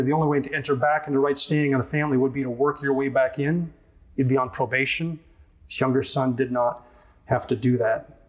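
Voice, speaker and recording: A man preaching an expository sermon as a pastor, earnest and emphatic, repeating his key phrases for weight. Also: on the high side.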